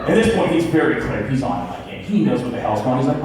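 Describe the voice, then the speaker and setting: A young man performing a stand-up comedy set in a club, telling a story in an animated way and acting out the people in it. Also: medium pitch, fast talker, few pauses. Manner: animated storytelling with acted-out quotes. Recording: echoey club audio from a far camera.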